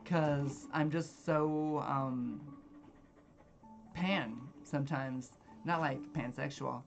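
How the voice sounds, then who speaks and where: A gamer in their thirties chats slowly over a game, blunt and straightforward, with frequent laughs. Faint game music plays behind the voice. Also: mid-range voice, gravelly. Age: 30s. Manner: blunt and forward, self-described socially awkward, laughs often. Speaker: let's play gamer. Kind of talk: casual gameplay commentary.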